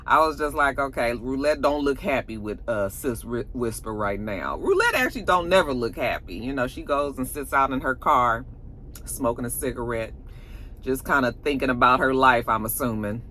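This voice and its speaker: A woman reviewer talks through a TV episode in a loose, slangy chat. Her tone is bright and forward. She slips into quick character voices for the lines she retells. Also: very deep voice, animated, slight background noise. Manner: chatty, slangy, acts out quoted lines. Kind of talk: casual recap review.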